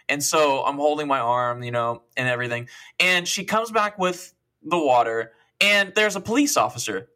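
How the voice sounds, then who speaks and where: A man's voice: fairly high pitch, normal speed. A young man in his twenties co-hosting a podcast, telling a long, profane story casually with lots of quoted dialogue. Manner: rambling, profane, animated retelling with quoted dialogue. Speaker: podcast co-host.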